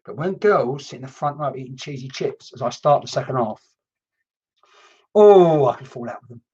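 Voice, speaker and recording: Chatty man, husky voice, dull audio. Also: medium pitch, expressive, normal speed, warm tone. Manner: rambling, chatty, with many restarts and mild swearing. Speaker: medium. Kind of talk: live-streamed mediumship session. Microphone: computer mic.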